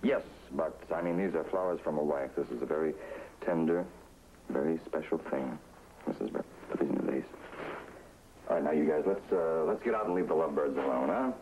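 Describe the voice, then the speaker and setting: A hearty showbiz man who briskly orders everyone out. His voice is extremely deep. A clear hiss runs under the old TV soundtrack. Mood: jovial. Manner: brisk, jovial, ordering people around.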